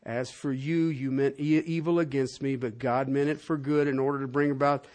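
A man preaching a sermon as a pastor, swinging from loud, rising proclamation to a hushed, soft prayer, in a church hall. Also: medium pitch, fairly even intonation, moderate pace.

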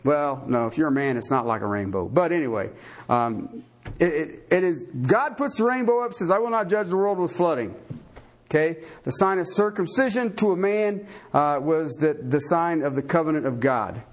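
A man's voice: fairly high pitch, lively intonation, moderate pace. A man preaching a sermon to a live congregation, folksy and joking, often asking questions and stumbling over his restarts. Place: church before a live congregation.

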